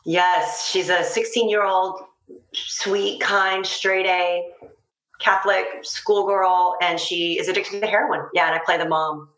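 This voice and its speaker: A woman's voice: lowish voice, steady tone, unhurried, fairly bright tone. A woman, an actress being interviewed, chatting casually and laughing often. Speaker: actress guest. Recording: roomy echo.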